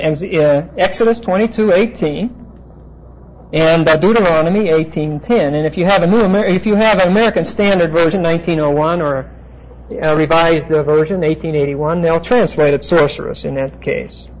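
A man with a high voice gives a Bible lecture, working through terms at the board. He explains patiently and stops often on "uh" fillers. The recording is dull and lo-fi. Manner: explanatory, halting with frequent "uh" fillers. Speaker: Bible teacher.

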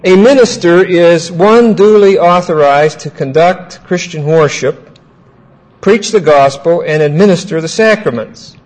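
A man teaching a Bible class, asking his students questions and repeating key points slowly. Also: on the high side, darkish tone, low-quality recording.

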